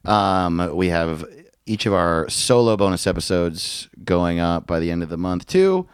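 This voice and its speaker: A man's voice: low-pitched, lively intonation, unhurried, smooth, no room sound, studio quality. A man co-hosting a comedy podcast, chatting casually with a joking, profane manner and frequent laughs. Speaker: podcast co-host.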